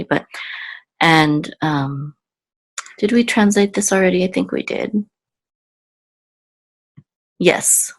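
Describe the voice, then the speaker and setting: A woman teaching an online language lesson, going patiently word by word with frequent ums and self-corrections. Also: deep voice. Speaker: Hebrew teacher.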